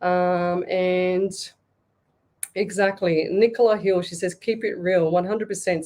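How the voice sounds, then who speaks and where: A woman's voice: on the low side, level tone, unhurried, mellow. Blunt, passionate Australian woman host. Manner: blunt, passionate, talks with many restarts. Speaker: psychic medium radio host. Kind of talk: live-streamed call-in reading show.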